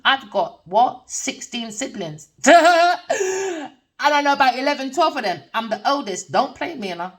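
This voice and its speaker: A middle-aged woman reads tarot in a rambling, spiritual way, blunt, freely swearing and often laughing. Her voice is mid-range and fairly bright, and the recording places her distant from the microphone.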